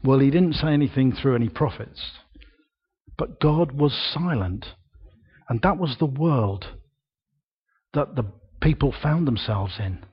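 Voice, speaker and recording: Slow, husky older male preacher. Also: medium pitch, lively intonation, highs cut off. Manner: slow, emphatic delivery with dramatic pauses and raised projection. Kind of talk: sermon. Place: church.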